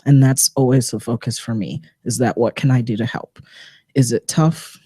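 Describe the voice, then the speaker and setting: A woman's voice: a bass voice, steady tone, normal speed, dark tone, breathy edge, no echo, studio quality. A woman guest on a community radio talk show, speaking frankly and earnestly about her work and self-care, laughing along with the host. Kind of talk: casual interview chat. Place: radio studio.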